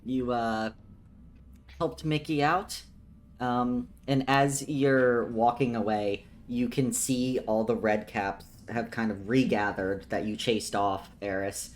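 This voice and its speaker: A man narrating as game master of a tabletop game, unhurried and full of ums. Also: medium pitch, fairly even intonation. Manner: unhurried, with many ums and chuckles.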